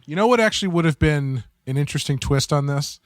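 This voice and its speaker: A man co-hosting a podcast in casual chat, thinking aloud with halting fillers. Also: on the high side, animated, no echo. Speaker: podcast co-host.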